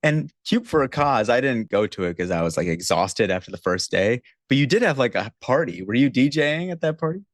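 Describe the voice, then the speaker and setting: A man's voice: mid-range voice, sing-song, a little fast, few pauses, dry recording, clean studio sound. A man hosting a podcast, asking short casual questions and laughing along. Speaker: podcast host, interviewer.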